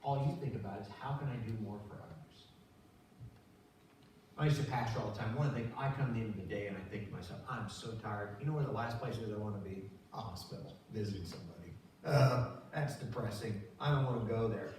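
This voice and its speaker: An older male pastor gives a conversational sermon in a church sanctuary, telling stories and acting out their voices with animation. His voice is on the low side and he talks fast, recorded from afar in a very echoey church with a little hiss or hum.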